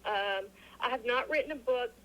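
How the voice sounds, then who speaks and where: A woman's voice: fairly high pitch, moderate pace, poor audio. Woman telling a story over a call. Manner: animated, acts out quoted dialogue, frequent restarts. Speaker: interview guest. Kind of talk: casual storytelling.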